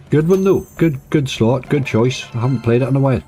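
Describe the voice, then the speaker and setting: A man's voice: mid-range voice, lively intonation, fairly quick, warm tone, soft background music. A man casually commenting on his slot play, chatty and cheering when bonuses land. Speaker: slots streamer.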